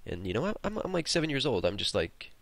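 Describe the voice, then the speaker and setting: A man's voice: medium pitch, sing-song, fast, a bit bright, dry recording. A man hosting a gaming video, telling a long story in a casual, rambling way while he plays, swearing freely. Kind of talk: casual storytelling over gameplay.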